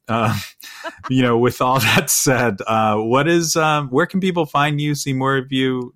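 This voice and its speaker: A man's voice: on the low side, a bit bright, clear, resonant tone, no room sound, clean studio sound. A man hosting a podcast interview in a casual, easygoing way, laughing along with his guest. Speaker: podcast host.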